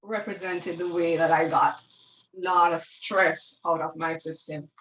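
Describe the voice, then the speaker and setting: A woman's voice: on the low side, little pitch movement, unhurried, fairly bright tone, slight background noise. A woman on a church panel, reading her own poem and reflecting with earnest, building intensity. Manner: earnest, rising intensity in repeated refrain. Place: church town hall. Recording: distant, roomy, dull-sounding.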